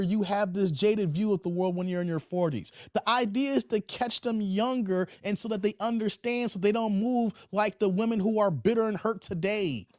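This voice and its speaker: This commentary channel host has a high voice with a darkish tone, captured dry in clean studio sound. On his livestream he preaches and repeats phrases, frequently tacking a drawled "man" onto what he says.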